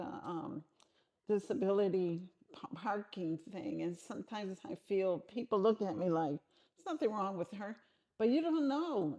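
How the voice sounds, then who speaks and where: A woman's voice: medium pitch, mellow. A middle-aged woman answering interview questions frankly and conversationally, often restarting her sentences.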